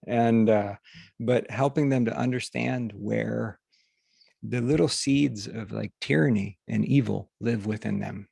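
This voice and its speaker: A man hosting a group session, talking casually and haltingly, with many fillers and restarts, over a video call. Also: mid-range voice, creaky, mellow, slightly rough, no echo. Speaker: workshop host. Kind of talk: casual teaching talk to a group.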